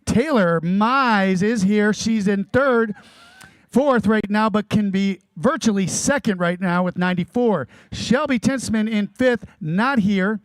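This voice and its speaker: A man at a bike race reads out standings and instructions in a plain, businesslike way while losing his voice. His tone is smooth and high-pitched, and the sound is close and dry. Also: a little slow, dry recording. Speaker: race official. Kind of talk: announcements to racers.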